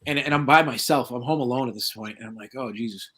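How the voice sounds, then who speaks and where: Man, middle-aged, guest paranormal researcher, casual storytelling, lively, acts out quoted voices, moderate pitch. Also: fast talker, husky. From southeastern Massachusetts, USA.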